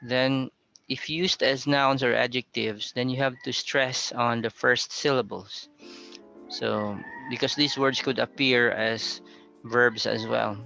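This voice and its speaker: A man's voice: mid-range voice, fairly even intonation, slow pace, creaky, sharp tone. A male pronunciation teacher giving a classroom lecture, patiently explaining word stress step by step and quizzing his students. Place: classroom with a blackboard. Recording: dull lo-fi sound with faint music.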